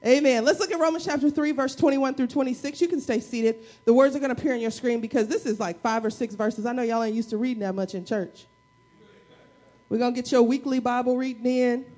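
A woman pastor preaching a sermon to her church, energetic, with call-and-response and playful asides. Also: on the high side, brisk. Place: church service.

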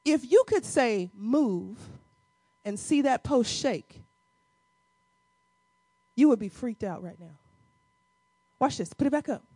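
A woman preaching a sermon, moving from quiet teaching to shouted, crying exhortation and calling out to the congregation casually. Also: fairly high pitch, animated, unhurried, pauses often, husky, dry recording. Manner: colloquial, addresses congregation as y'all.

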